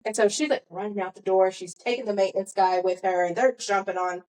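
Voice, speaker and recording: A woman's voice: mid-range voice, fairly even intonation, a little fast, darkish tone, low-quality recording. A young woman hosting a podcast, telling a long story in a rambling, self-correcting way. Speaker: podcast host. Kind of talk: casual storytelling chat.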